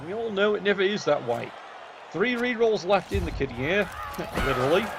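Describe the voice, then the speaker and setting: A man's voice: sits high, sing-song, fairly quick, vocal fry, over a noisy crowd, heavy background noise. A man giving wry, sarcastic play-by-play commentary on a video game match.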